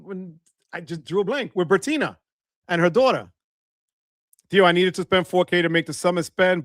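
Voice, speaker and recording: A middle-aged man, hosting a casual livestream, reading out viewer comments in an animated, playful way. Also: high voice, no room sound, studio quality. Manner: animated, playful, shouts catchphrases. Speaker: livestream host.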